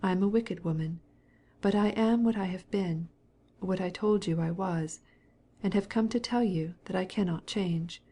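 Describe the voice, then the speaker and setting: A guilty young wife speaks in an earnest, hesitant voice, timid yet holding her ground. The tone is low and mellow as a woman reading a novel aloud gives her lines. It is a storybook reading. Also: moderate pace, breathy edge.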